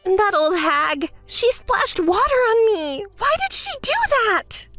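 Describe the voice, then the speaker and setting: A woman putting on a shrill, spoiled young woman. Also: sing-song, unhurried, no echo, faint music behind, full character voice. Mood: indignant. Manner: shrill, whiny and shouting.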